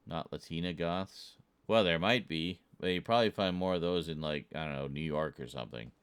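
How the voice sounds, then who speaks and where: A man's voice: low-pitched, fairly quick, clean tone. A British man streaming, chatting casually with his chat and joking, often chuckling at his own jokes. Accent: British English. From Britain.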